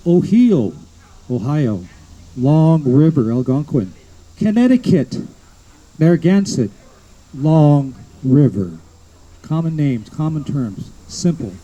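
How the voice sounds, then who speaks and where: An American man, a guest speaker at an outdoor history event, lectures an audience by telling stories and slowly listing names one by one with little asides. His slightly high voice is animated and mellow, though the audio is dull.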